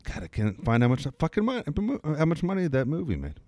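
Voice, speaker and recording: Male radio co-host: laughs a lot, teasing, lively intonation, dry studio mic. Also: mid-range voice, fast, no echo. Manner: laughs often, teasing banter. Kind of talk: casual radio chat.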